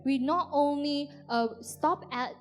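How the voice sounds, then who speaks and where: A woman's voice: high voice, slow pace, faint music behind. A woman interpreting a couple's talk live, sometimes restarting and correcting herself. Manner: restarts and self-corrections while translating.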